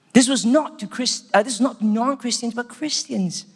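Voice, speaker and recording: A man's voice: very high-pitched, normal speed, few pauses, breathy edge. A man preaching a sermon in an earnest, conversational way. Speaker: pastor. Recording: echoey hall.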